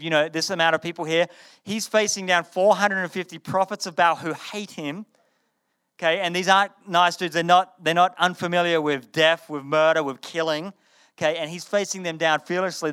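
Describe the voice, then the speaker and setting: A man preaching a sermon to a live audience, retelling a story in a conversational, animated way and often repeating his words. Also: sits high, fairly quick, clear, resonant tone.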